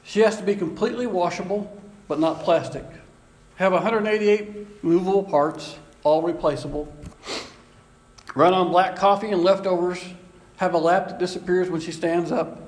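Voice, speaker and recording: A man's voice: high voice, normal speed, darkish tone, roomy sound, natural voice, poor audio. A man voicing the Lord, an eager, tender male creator, in a read-aloud story within a sermon. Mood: earnest.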